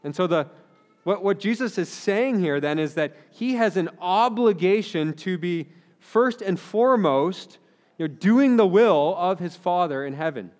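A man's voice: sits high, animated, measured pace, darkish tone. A man in his thirties, a pastor giving an earnest, conversational sermon with frequent restarts. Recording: long hall reverb.

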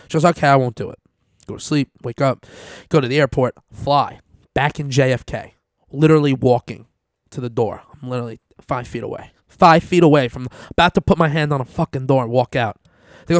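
A man's voice: medium pitch, fairly quick, no room sound, studio quality. A man telling a story in casual chat, swearing a lot and acting out his lines. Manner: swears a lot, animated retelling. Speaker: storyteller guest.

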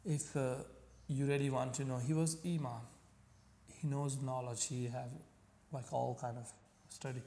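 A man from Pakistan, telling his personal faith story as an interview guest in earnest, halting English. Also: medium pitch, fairly even intonation, vocal fry, warm tone, long reverb tail. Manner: earnest, halting non-native English with restarts. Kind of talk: personal faith testimony in conversation.

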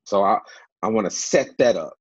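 A man's voice: fairly low pitch, moderate pace, dry recording, muffled recording. A man teaching from the Bible in a panel discussion, emphatic and repeating key words, with many fillers.

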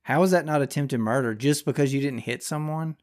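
Here the podcast host is a young man of medium pitch who speaks fairly quickly, his tone a little mellow. He tears through the news with lots of swearing and a slangy drawl.

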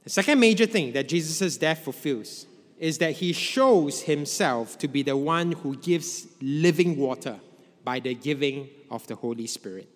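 A man preaching a sermon in a measured way, letting his voice drop low at the ends of phrases. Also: animated. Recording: long hall reverb.

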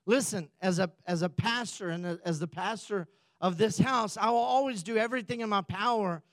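A pastor delivering a sermon, a man who tells the story with easy jokes and asides. His voice sits high for a man. The sound is dry, with little room around it. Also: moderate pace, no room sound. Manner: joking, conversational storytelling.

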